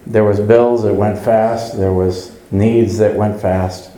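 Low, mellow-voiced male preacher. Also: steady tone, takes it slowly, roomy sound, slight background noise, poor audio. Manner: earnest, asks the congregation rhetorical questions. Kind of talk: conversational sermon. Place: church service.

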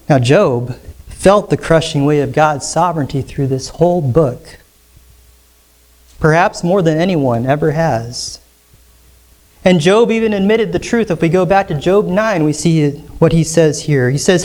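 A man preaching a sermon as pastor, emphatic and rising sharply on key lines, slowing down when quoting scripture. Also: on the high side, a little mellow. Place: church sanctuary.

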